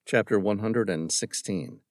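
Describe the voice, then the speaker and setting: A male audiobook narrator reading a novel in steady, even storytelling. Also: on the low side, a little slow, dry recording, studio quality. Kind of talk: scripted narration.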